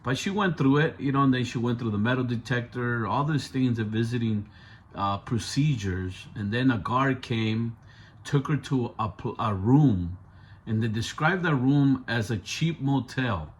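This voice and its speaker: A man's voice: medium pitch, measured pace. Casual man. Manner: conversational, street slang, asks the listener. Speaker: storyteller. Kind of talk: casual true-story narration.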